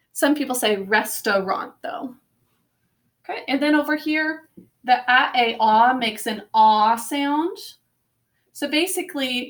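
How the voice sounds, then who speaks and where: A woman teaching a spelling lesson, sounding out words letter by letter in a slow, patient way. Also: sits high, fairly bright tone.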